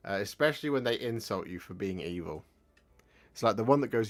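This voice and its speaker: Chatty low-voiced man with Midlands accent. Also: animated, fairly quick. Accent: English Midlands. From English Midlands. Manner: chatty and rambling, warmly thanking viewers. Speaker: live-stream host. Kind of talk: casual live-stream chat.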